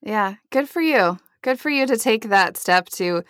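A woman's voice: fairly high pitch, expressive, a little slow, fairly bright tone, no room sound. Young woman interviewer, affirming and upbeat, dry close-miked sound. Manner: encouraging, affirming, frequent mm-hmms. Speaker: podcast host. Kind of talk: interview hosting.

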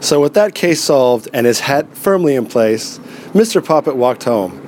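A man's voice: mid-range voice, animated, unhurried, a little mellow, a little hiss or hum. A man narrating a children's puppet story.

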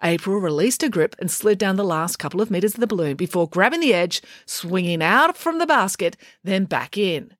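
A woman narrates a children's adventure story in a lively, expressive way. Her voice sits at an everyday middle pitch. The recording is close and dry, with no room sound. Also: fairly quick, few pauses, no echo. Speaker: audiobook reader.

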